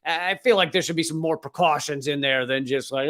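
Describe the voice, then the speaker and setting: A sarcastic man hosts a comedic political commentary show. His voice sits high for a man, and he swears freely while slipping into silly put-on voices. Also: brisk, hardly any pauses, a bit bright. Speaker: host.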